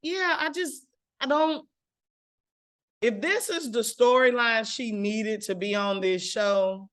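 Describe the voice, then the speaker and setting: A woman from Mississippi, co-hosting a casual chat recapping reality TV, blunt and animated and quick to laugh. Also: a little high. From Mississippi, USA. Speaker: podcast co-host.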